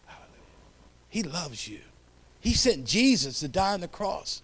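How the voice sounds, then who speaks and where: A man preaching a sermon, leading call-and-response and dropping to whispered hallelujahs between loud calls. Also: high voice, very animated, moderate pace.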